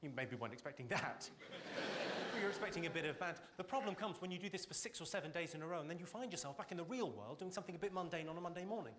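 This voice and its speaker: A man doing live stand-up comedy on stage, teasing the audience with quick deadpan insults. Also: a little high. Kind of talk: live stand-up with crowd work. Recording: loud audience laughter and noise.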